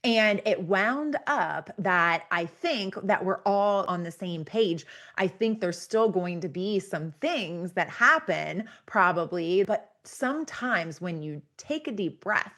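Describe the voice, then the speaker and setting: A woman's voice: mid-range voice, lively intonation, slow, fairly bright tone. A woman podcast host telling a personal story in a chatty, rambling way, full of filler words.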